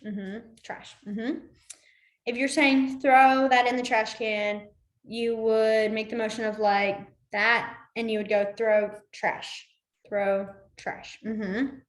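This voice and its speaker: A young woman teaching a beginner sign language class over a video call from home, chatty and rambling, her voice dropping low and quiet as she shows each sign. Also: reverberant. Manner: chatty, drifts into asides, trails off quietly while demonstrating signs. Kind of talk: casual online class instruction. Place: room at home with a window. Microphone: computer mic on a video call.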